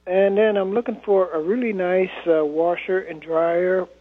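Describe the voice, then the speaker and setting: A man calling in to a radio swap show, listing items in a halting way with many fillers. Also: high-pitched, fairly even intonation, husky. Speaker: caller. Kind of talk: phone-in chat. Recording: tinny phone line.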